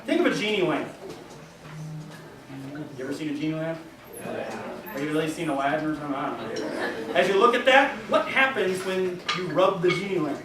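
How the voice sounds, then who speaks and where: A man's voice: a little high, big pitch swings, normal speed, pauses often, noisy background. A man directing a school band in rehearsal, counting off and singing rhythms to the players. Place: large rehearsal room with band. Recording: roomy, distant camera audio with band.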